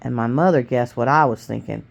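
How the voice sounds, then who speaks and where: A woman reading a novel aloud to her family in plain, steady storytelling with small stumbles. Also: very deep voice, fairly quick, creaky, dull audio. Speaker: family reader.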